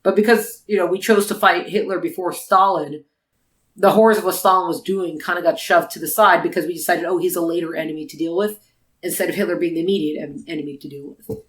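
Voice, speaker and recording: A woman's voice: on the low side, steady tone, quick pace. A woman co-hosting a casual book podcast, talking in long rambling stretches full of restarts. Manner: chatty, rambling, lots of restarts. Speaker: podcast co-host. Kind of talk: casual book review chat. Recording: echoey room.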